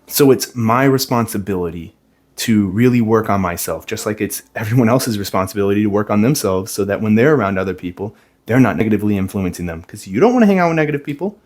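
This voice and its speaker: A man's voice: on the low side, darkish tone. A young man, a stay-at-home dad, talking earnestly and plainly to camera about his own life. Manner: earnest, reflective, plain-spoken. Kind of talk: personal talk to camera.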